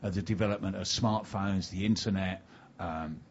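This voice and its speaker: A man's voice: sits low, steady tone, moderate pace, darkish tone, highs cut off, a little hiss or hum. An older man hosting a casual radio chat, chatty and playful, often repeating himself. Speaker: radio show host.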